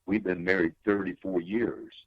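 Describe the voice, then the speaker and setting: In an interview, an older guest singer recounts something personal at a moderate pace, his voice showing little pitch movement overall yet swinging emphatically in testimony-like delivery. Audio quality is dull.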